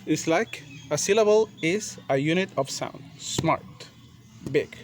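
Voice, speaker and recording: A man teaching a grammar lesson, repeating and spelling out words slowly and deliberately. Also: sits high, expressive. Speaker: English teacher.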